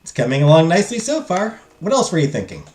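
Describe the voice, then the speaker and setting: A man gives voice to a cheerful woman chef who sounds upbeat and eager as she plans a wedding menu. The voice sits fairly high and moves around lively, set in an echoey room with faint music behind it. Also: fast.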